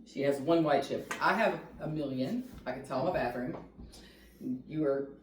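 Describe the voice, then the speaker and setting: A man's voice: a little high, normal speed, a little hiss or hum. A man hosting a casual conversation, blunt and joking with his guest. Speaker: host. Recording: echoey room, distant mic.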